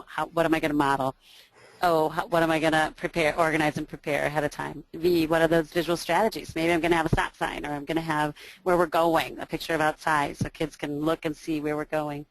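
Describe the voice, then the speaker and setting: A woman, an early childhood teacher, giving a training talk to educators with a booming voice, listing strategies with frequent ums and you knows. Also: no echo, poor audio. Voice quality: loud, booming voice.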